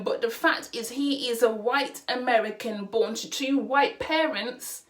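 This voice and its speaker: Young woman vlogging her opinions, high voice, fired up and keeps hammering the same question. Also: a little slow, hardly any pauses, fairly bright tone. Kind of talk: opinion vlog rant.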